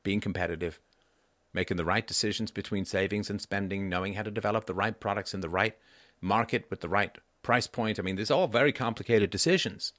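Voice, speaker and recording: Man in his fifties, lively commentary. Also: no echo, clean studio sound. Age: 50s. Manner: lively, pitch leaps on emphasis, mock voices; rhetorical repeats, asks "right?". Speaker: livestream host. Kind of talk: solo political commentary.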